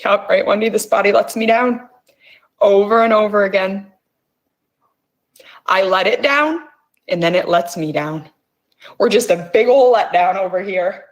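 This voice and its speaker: Speaking at a measured pace with long pauses, a middle-aged woman of medium pitch leads a guided emotional release session. As host, she draws listeners in through intense wording and regular cursing.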